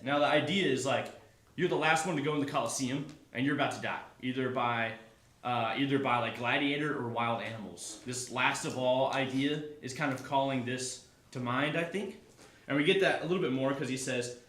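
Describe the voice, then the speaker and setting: A man's voice: medium pitch, a little fast, a bit bright. Male Bible teacher, chatty and loose, heard from a distance in a roomy classroom. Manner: casual, chatty, self-correcting.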